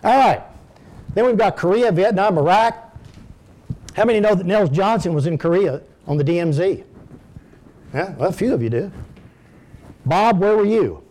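A man's voice: high-pitched, lively intonation, moderate pace, long pauses, darkish tone. An older man telling folksy personal stories in a sermon, speaking directly to his congregation. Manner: folksy storytelling, addresses the audience directly.

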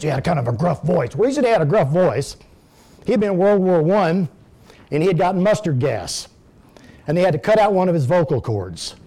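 Speaking directly to his flock, an elderly preacher shares homespun stories from his own life. The voice is slightly high and somewhat dark in color.

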